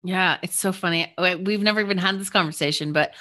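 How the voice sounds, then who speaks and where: Bright-voiced woman podcast host. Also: on the low side, fast. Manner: upbeat, shares own stories. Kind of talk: conversational interview.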